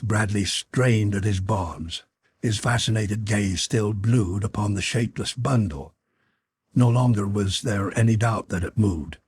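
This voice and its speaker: A man narrating an audiobook with measured, dramatic storytelling. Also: on the low side, darkish tone, husky, no echo.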